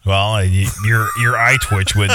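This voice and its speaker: A man's voice: fairly low pitch, steady tone, normal speed, background noise. A man from Minnesota, in his thirties, co-hosting a casual chat and telling rambling anecdotes full of restarts. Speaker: podcast co-host.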